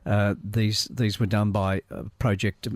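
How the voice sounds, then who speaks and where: A man's voice: on the low side, flat delivery, unhurried. A middle-aged man, a company chairman guesting on a radio show, telling stories in an easygoing way and chuckling often. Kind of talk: casual radio chat. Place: radio studio.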